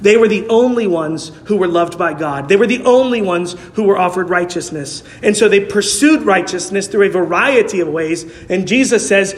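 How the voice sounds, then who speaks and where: A pastor with a notably high voice delivers his sermon with emphatic conviction, driving his points home through repeated rhetorical lines. His words ring out with a long, hall-like reverb. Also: moderate pace. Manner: emphatic preaching with rhetorical repetition.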